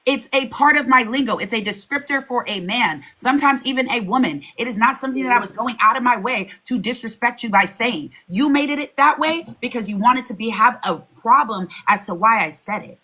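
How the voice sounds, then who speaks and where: A woman's voice: fairly high pitch, a little fast, few pauses, pushed and bright. A woman arguing firmly and pointedly on a live call, holding her ground over interruptions. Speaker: streamer, panel guest. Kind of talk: heated argument on a live call.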